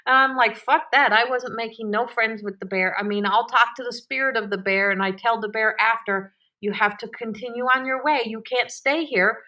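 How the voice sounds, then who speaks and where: An older woman hosting a live Q&A, telling a story in a lively, laughing way and acting out the voices of the people in it, with the odd swear word. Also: fairly high pitch, normal speed, hardly any pauses. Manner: swears freely. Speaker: host.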